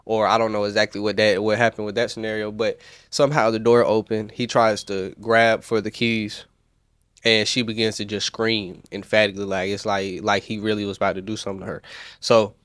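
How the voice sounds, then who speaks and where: A man's voice: fairly low pitch, level tone, brisk, a bit bright, no echo, studio quality. A man with a Southern US accent hosting a podcast, recapping in a loose, rambling way and correcting himself as he goes. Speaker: podcast host. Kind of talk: casual commentary.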